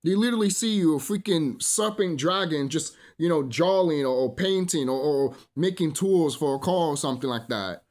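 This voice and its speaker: A man's voice: fairly high pitch, moderate pace, hardly any pauses, darkish tone. A man ranting in a solo monologue, profane and rambling, full of fillers, preaching to his listeners as brothers and sisters. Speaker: vlogger.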